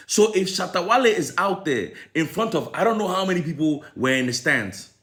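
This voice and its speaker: Argumentative Ghanaian man, slightly high voice. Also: expressive, fairly quick, a bit bright. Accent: Ghanaian English with some American. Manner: argumentative, rhetorical questions. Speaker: entertainment commentator. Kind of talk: opinionated monologue.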